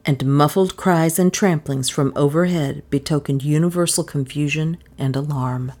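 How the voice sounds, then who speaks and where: A woman narrating an audiobook in a measured, even storytelling manner. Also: deep voice.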